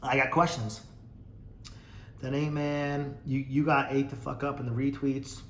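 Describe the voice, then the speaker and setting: A man's voice: medium pitch, flat delivery, a little slow, fairly bright tone, echoey room, a little hiss or hum. A man hosting a casual podcast, reading viewer comments aloud and mocking them sarcastically, swearing freely. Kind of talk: casual chat.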